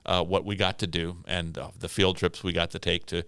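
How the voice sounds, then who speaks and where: Old guy w a really low gravelly voice, rambly, lots of uh and repeats, dry close sound. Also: little pitch movement, fairly quick, a bit bright, no room sound. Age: older. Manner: rambling, many repeated words and fillers, chuckling asides. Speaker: retiring pastor, podcast guest. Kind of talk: casual reminiscing chat.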